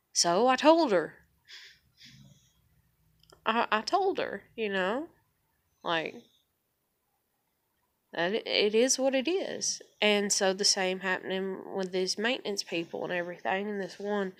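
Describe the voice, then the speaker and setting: A woman's voice: medium pitch, a bit bright. A woman venting bluntly to camera in a casual vlog rant, with frequent swearing and emphatic repetition. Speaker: vlogger.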